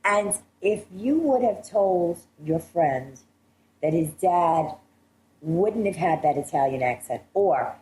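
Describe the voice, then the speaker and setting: Earnest lower-voiced woman psychic host. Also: lively intonation, slow, mellow. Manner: earnest, emphatic, laughs often. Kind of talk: radio talk show chat. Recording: echoey studio with faint hiss.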